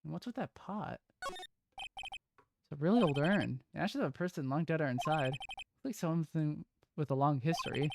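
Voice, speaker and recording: A woman's voice: sits low, big pitch swings, normal speed, vocal fry, pauses often, full character voice. A woman voicing a young male lawyer in her own voice, muttering dry asides while reading game dialogue aloud. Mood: wry. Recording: game music behind.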